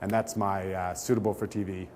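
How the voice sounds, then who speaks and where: A man's voice: low-pitched, fairly quick, heavy background noise. A male comedian telling a comic anecdote on a talk show, acting out the voices of the people in it. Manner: animated storytelling, acting out quoted voices.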